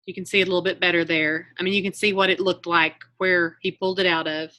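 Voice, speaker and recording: A woman's voice: fairly low pitch, little pitch movement, fast talker, bright, forceful tone. A woman leading an online group on a video call, chatting in a meandering way and often correcting herself mid-sentence. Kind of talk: casual chat on a video call.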